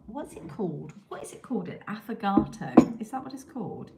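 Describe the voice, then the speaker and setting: A woman's voice: medium pitch, animated, brisk. A woman, chatting casually with viewers as a livestream host and reading out their comments. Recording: echoey room with clear background noise.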